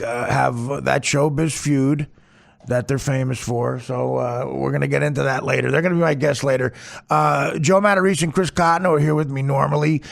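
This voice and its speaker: A man hosting a podcast, talking in a casual, rambling monologue full of crude, profane jokes and deadpan asides. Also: mid-range voice, vocal fry. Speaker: podcast host.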